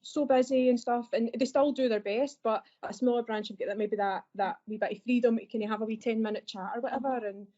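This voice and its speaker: A woman's voice: on the high side, steady tone, a little fast, hardly any pauses, mellow. A Scottish woman who works as a library assistant, chatting on a podcast in a friendly, self-deprecating way. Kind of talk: podcast conversation. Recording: dull lo-fi podcast audio.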